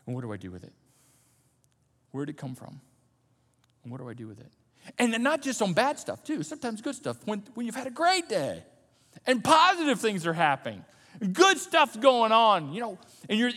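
A man preaching a sermon as pastor, animated, swinging from loud emphasis to soft, low asides. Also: big-room sound. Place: church sanctuary.

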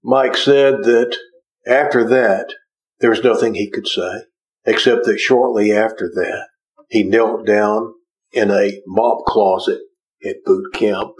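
A man preaching a sermon as pastor, with slow, deliberate delivery and earnest pleas to the congregation. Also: fairly low pitch, fairly even intonation, rough recording.

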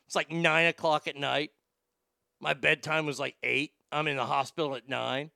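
A man around forty, a podcast host, telling blunt, profane stories in a casual and animated way. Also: fairly high pitch, fairly quick, gravelly, dry recording, clean studio sound. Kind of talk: casual storytelling chat.

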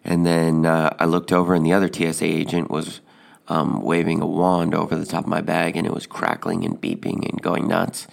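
A man telling a personal anecdote in a deadpan, hesitant way, with frequent fillers. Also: sits low, fairly quick, gravelly. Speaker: storyteller.

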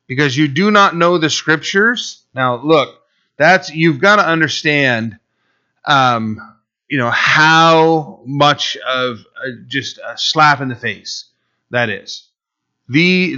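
A man's voice: mid-range voice, pushed and bright, highs cut off. A man preaching a sermon in a conversational way, sometimes acting out the voices of Bible figures. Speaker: pastor.

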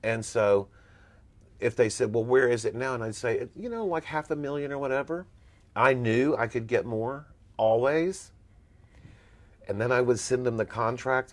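A man, a former talent agent, telling blunt, emphatic stories as an interview guest. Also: medium pitch. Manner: emphatic, blunt, animated storyteller.

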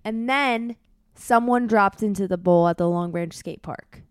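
Mom interviewer, eager and chatty, keeps nudging with "right?", dry close sound. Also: female voice, mid-range voice, unhurried, clear, resonant tone, dry recording. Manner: eager, prompting with "right?" questions; acts out voices while retelling. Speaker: parent interviewing her son. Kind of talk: casual storytelling chat.

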